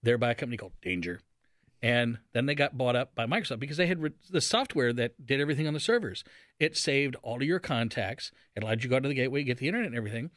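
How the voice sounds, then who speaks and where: A man's voice: medium pitch, lively intonation, rapid-fire, a bit bright, no room sound, studio quality. A man hosting a radio talk show, giving folksy, sarcastic commentary and acting out silly voices.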